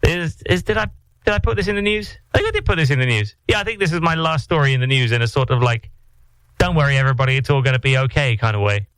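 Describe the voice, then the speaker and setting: A man hosts a morning radio show with a fairly high voice that swings widely in pitch. He chats in a playful, rambling way, with restarts, into a close studio mic. The sound is dry and tight. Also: animated, quick pace, fairly bright tone, smooth, no room sound, low-quality recording. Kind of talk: casual studio banter.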